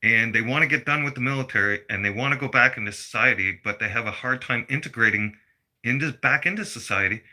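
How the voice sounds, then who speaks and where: A man's voice: medium pitch, quick pace, bright, forceful tone. A middle-aged man delivering a blunt, profane personal rant to his viewers. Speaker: vlogger.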